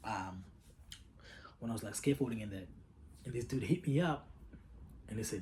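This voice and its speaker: A man's voice: on the low side, normal speed, long pauses, a little mellow, a little hiss or hum. A man telling a story from his own life in a casual, candid way. He swears freely and often repeats himself. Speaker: vlogger.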